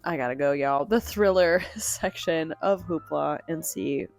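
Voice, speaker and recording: A young woman with a slightly low voice talks in a relaxed, chatty way, calling her viewers y'all as she vlogs about books. She is at home, with quiet music playing in the background. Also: a little slow, vocal fry. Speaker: book vlogger. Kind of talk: casual vlog chat.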